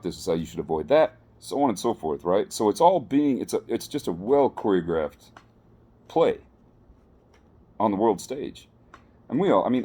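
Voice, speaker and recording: A man with a deep, mellow voice talks loosely to his audience. He rambles, restarts his sentences and sounds earnest rather than polished. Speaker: vlogger sharing political opinions. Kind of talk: casual spoken commentary to camera.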